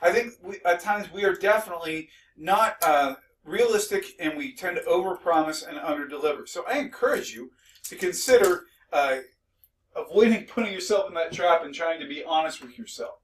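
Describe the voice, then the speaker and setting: A man's voice: sits high, animated, a little fast, recorded from a distance, rough recording. A male instructor giving a recorded lecture, conversational and mildly sarcastic, with frequent restarts.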